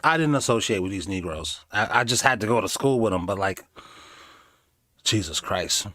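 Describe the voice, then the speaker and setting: A man doing casual live commentary on videos, animated and sarcastic, slipping into mocking voices. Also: fairly low pitch, normal speed, no room sound, clean studio sound. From inner city. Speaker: streamer reacting to videos.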